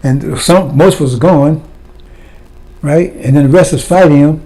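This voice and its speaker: A man's voice: a little high, moderate pace, dark tone. A man preaching a fiery sermon, blunt and impassioned, firing rhetorical questions at his listeners.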